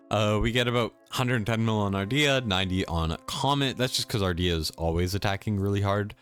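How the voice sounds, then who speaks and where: Young guy talking thru a game guide, lowish voice that bounces around a lot, faint music under it. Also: a bit bright. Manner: casual, self-deprecating with chuckles. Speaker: gaming guide creator. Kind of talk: gameplay commentary.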